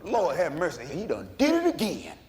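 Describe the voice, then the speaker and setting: A man's voice: a little high, wildly swooping pitch, moderate pace. A man voicing a hollering old cartoon man who calls out responses to a preacher like a congregation member. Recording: echoey track with loud background noise.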